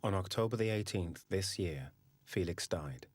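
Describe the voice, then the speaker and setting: A man's voice: low voice, expressive, moderate pace, soft background music. A man giving sober, scripted documentary narration.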